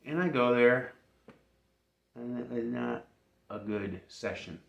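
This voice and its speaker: Animated storytelling man, roomy sound. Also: medium pitch, slow pace, creaky, muffled recording. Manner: animated, laughs often, insists he's not making it up. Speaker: vlogger. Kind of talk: comic storytelling to camera. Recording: roomy echo.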